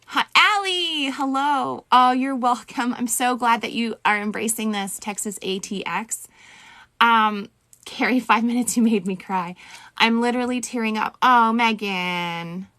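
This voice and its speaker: Soothing bright-voiced woman reading cards. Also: a little high, fairly even intonation, a little slow, dry recording. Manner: soothing, affectionate, greets chat viewers by name. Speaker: intuitive healer giving a card reading. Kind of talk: live stream collective card reading. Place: home, live phone stream.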